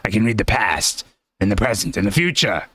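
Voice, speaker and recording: A man voicing a touchy, grandiose male fortune teller, making slow, solemn pronouncements and snapping commands in a comedy bit. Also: fairly low pitch, big pitch swings, fairly bright tone, dry recording, pitched below the performer's own voice. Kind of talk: comedic improv character.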